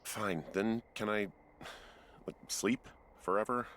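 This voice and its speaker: A tired, dry-humored fire lookout in a video game. His voice sits low and even, delivering sarcastic lines flatly. He sounds worn out and unimpressed. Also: slow pace, slight background noise. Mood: weary dry. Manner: deadpan, sarcastic.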